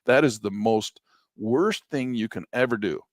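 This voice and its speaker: A man's voice: mid-range voice, a little slow, dry recording. A middle-aged man teaching a live trading class, blunt and emphatic, repeating points for effect in a folksy way. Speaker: trading instructor.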